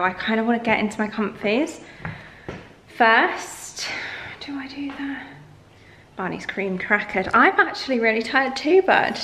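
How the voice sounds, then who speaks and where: A woman's voice: fairly high pitch, sharp tone, a little hiss or hum. A young woman chatting casually in a home vlog, rambling and going off on tangents. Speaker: lifestyle vlogger. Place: at home, indoors.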